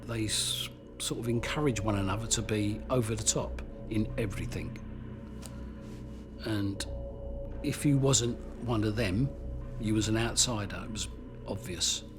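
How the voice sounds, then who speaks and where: Low-voiced man recalling, plain-spoken. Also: measured pace. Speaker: interviewee. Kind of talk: documentary interview. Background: music.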